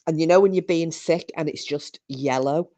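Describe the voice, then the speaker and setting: A low-pitched woman chats loosely with her viewers on a live stream. She swears freely and tells rowdy drunken stories. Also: moderate pace, mellow.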